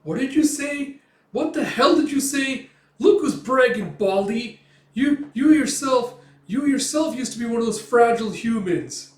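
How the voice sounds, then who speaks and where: A man voicing a small, excitable male elf who yells and stammers in a high, shrill voice. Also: moderate pace, close to an everyday voice. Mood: indignant. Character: tiny excitable male elf, brash and whiny. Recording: roomy, distant mic.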